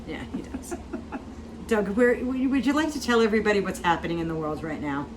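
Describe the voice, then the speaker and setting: A woman's voice: mid-range voice, lively intonation, fast talker, noisy background. A woman hosting a casual cooking vlog, homey and talkative, repeating herself and humming as she tastes. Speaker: cooking vlogger.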